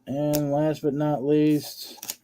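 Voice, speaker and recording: A man's voice: a little high, monotone, drawn-out words, mellow, a little hiss or hum. A man hosting a live card-sale stream, chatting casually and listing cards as he shows them.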